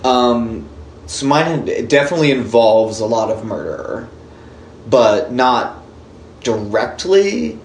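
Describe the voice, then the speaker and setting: A man co-hosting a podcast in casual chat, joking, laughing often and quoting films. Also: lowish voice. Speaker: podcast co-host. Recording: roomy echo, faint background noise.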